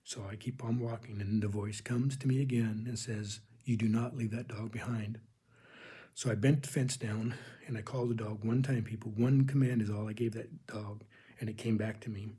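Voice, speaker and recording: A man recounting a spiritual vision as a testimony, speaking earnestly with halting restarts and calling his listeners "people". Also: on the low side, steady tone, warm tone, slightly rough. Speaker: religious video host.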